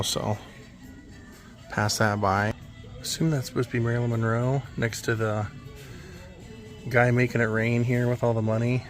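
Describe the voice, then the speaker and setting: Male vlogger, mid-pitched, easygoing running commentary in an indoor shop, faint background music. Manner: relaxed, offhand remarks with chuckles. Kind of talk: casual walkthrough commentary. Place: indoor antique mall.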